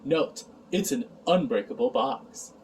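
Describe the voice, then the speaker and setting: A man's voice: mid-range voice, animated, measured pace, a little mellow, far from the mic, a little hiss or hum, rough recording. Exasperated man sighing through a recap. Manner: acts out quoted lines in mocking voices. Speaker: reviewer. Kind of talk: casual recap review.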